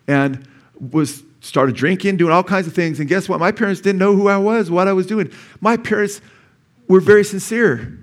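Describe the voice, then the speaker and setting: In a church, a middle-aged man preaching a sermon talks to his congregation in a chatty way and poses questions to them. His voice sits high.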